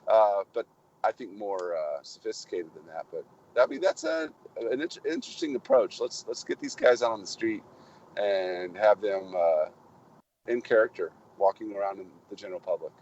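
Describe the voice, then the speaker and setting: A man co-hosting a casual podcast chat about films, halting and repeating words, on muffled lo-fi audio. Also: fairly low pitch, huge pitch swings, darkish tone, a little hiss or hum. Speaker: podcast co-host.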